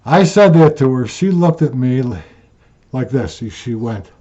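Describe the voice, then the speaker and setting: A man's voice: medium pitch, animated, takes it slowly, long pauses, mellow. A man hosting his own rant channel, telling stories in a blunt, repetitive, plain-spoken way. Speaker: channel host. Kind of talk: ranting vlog storytelling. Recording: dull lo-fi sound.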